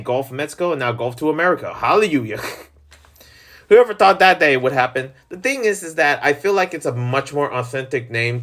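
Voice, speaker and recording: A man hosting his own channel, chatting casually and rambling about news and video games with jokes and sudden pitch swings. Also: a bit bright. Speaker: channel host. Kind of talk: casual solo gaming chat.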